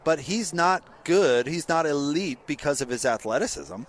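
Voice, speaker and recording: A man hosting a sports radio show, giving blunt, sarcastic opinions in an animated rant. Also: fairly high pitch, moderate pace.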